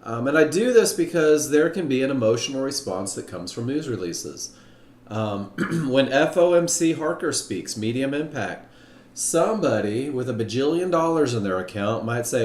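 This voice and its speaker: A man's voice: mid-range voice, animated, normal speed, a little mellow. A man leading a live online trading class, upbeat and chatty, greeting viewers by name. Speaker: trading instructor. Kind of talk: live webinar teaching. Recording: roomy echo.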